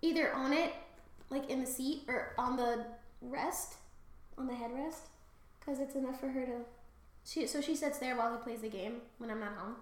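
A woman co-hosting a podcast in casual chat, excitable and sweary, loudly acting out quotes. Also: high-pitched, moderate pace, reverberant. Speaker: podcast co-host. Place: home room.

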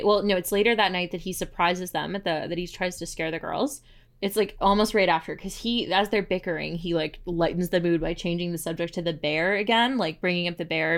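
A woman's voice: on the low side, steady tone, a little fast. A woman co-hosting a podcast, recapping an episode in casual chat with a rambling manner and lots of filler words. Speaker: podcast co-host.

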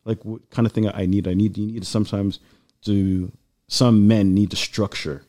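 A man in casual chat, telling a long personal story in a rambling, animated way with lots of fillers. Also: on the low side, normal speed. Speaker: guest.

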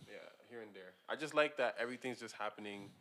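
A man co-hosting a casual sports podcast, easygoing and upbeat, giving shout-outs. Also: fairly low pitch, fast, a crowd in the background. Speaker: podcast co-host.

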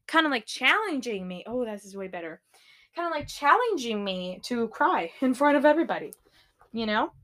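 Young woman, high voice, casual solo podcast rant, swears a lot, loud outbursts. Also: lively intonation, normal speed, pauses often. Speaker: podcast host. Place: her bedroom while tidying.

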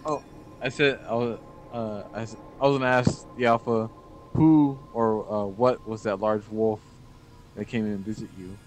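A man describes his character's actions in a tabletop game, hesitant and leaning on fillers. Clear music plays behind his voice. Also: lowish voice, fairly even intonation, moderate pace. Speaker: player. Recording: background music.

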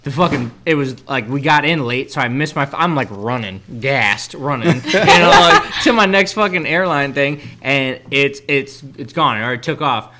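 A man who is a podcast co-host and army veteran, telling crude stories in an excitable, casual way. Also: mid-range voice, moderate pace, hardly any pauses, background noise. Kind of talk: casual chat.

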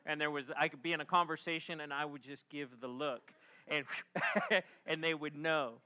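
A middle-aged male pastor delivers a sermon in a bright, slightly high voice. He tells the story with lively energy, acts out the characters, and then settles into quiet, reflective passages. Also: moderate pace. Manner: animated storytelling, acting out voices, drops to a hush for reflective moments.

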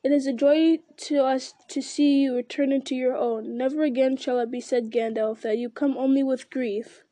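A woman's voice: sits high, fairly even intonation, moderate pace, warm tone, no room sound, close to an everyday voice. Woman reading as a fervent young warrior. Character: young male warrior, loyal and eager.

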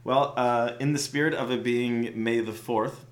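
A man co-hosting a casual chat, with a joking, halting manner. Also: mid-range voice, fairly even intonation, reverberant. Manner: jokey, halting with restarts. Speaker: podcast co-host.

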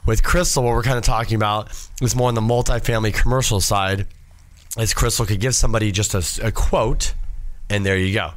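A man co-hosting a casual podcast. His voice is low and smooth, with a nasal edge from a cold. He talks in a relaxed, rambling way into a dry, close mic. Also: fairly quick, no echo. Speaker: podcast co-host.

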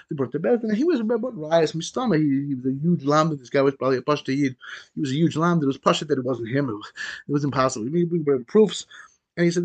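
A man teaching a Torah lesson as a rabbi, talking in an animated way, often repeating himself and restarting phrases. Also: on the high side, rapid-fire, breathy edge. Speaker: rabbi teaching a daily class.

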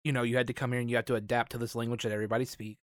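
A man hosting a casual chat, easygoing and curious, thinking out loud as he talks. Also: medium pitch, flat delivery, racing, dry recording, studio quality.

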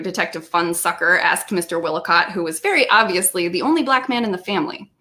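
A woman's voice: lowish voice, quick pace, hardly any pauses. A woman author on a video call reading aloud from her own novel, with laughing asides. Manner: lively reading with laughs and self-aware asides.

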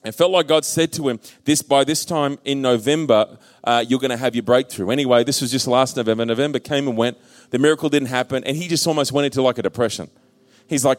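A man's voice: mid-range voice, fast, no room sound. A man preaching a sermon, telling personal stories in a casual voice and acting out his own past worries. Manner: conversational storytelling, acts out his own past panic. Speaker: pastor.

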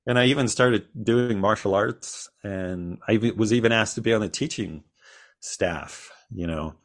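A man's voice: lowish voice, unhurried. A man guest on a podcast, telling his own story in a rambling, casual way with frequent restarts and small laughs.

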